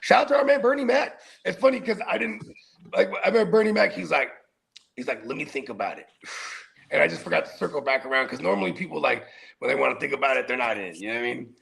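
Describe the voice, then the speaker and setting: A man co-hosting a fantasy football podcast in casual chat, slangy and animated, laughing through his own stories. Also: on the high side, quick pace, gravelly. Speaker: podcast co-host.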